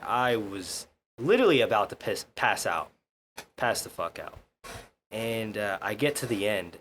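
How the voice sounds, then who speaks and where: A man's voice: on the low side, fairly bright tone, slight background noise. A young man, a podcast guest, telling a rambling, sweary story in casual chat. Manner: swears a lot, rambling with restarts.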